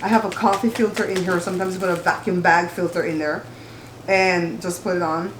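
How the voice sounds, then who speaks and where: A chatty woman hosts a casual mukbang at her home dining table, talking straight to her viewers as she eats. Her voice is on the low side, fairly even, and fairly quick, picked up by a camera on the table. The roomy space carries clattering dishes and slight background noise.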